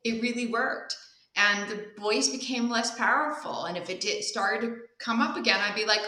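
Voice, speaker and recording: A woman guest telling personal stories in a candid, animated way, laughing often during the interview. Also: fairly high pitch, moderate pace, roomy sound, low-quality recording. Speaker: guest speaker and coach. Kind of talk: casual interview storytelling.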